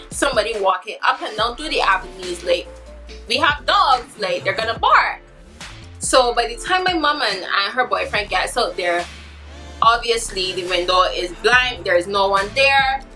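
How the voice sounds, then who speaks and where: A woman in her twenties recounts a story for her vlog in an animated, dramatic way. Her voice sits a little high and sounds bright and sharp. She acts out the other people's lines as she goes. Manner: animated, dramatic retelling with acted-out quotes. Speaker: vlogger.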